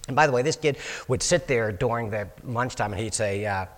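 A man's voice: medium pitch, fairly quick, big-room sound. A man telling his personal testimony in a folksy way, repeating and restarting words and acting out the dialogue in his story. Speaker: speaker giving his testimony.

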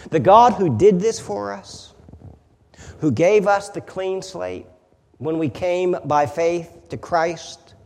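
A male pastor delivering a sermon in a church, his voice pitched high for a man and carrying a long hall reverb. He preaches unhurriedly, and his repeated phrases swell in force. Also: a little mellow.

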